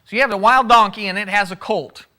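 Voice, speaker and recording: A man's voice: high-pitched, fast talker, pushed and bright. A man preaching a sermon in a conversational way, asking his listeners questions and acting out quotes. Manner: conversational, asks the audience questions, acts out quotes. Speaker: pastor.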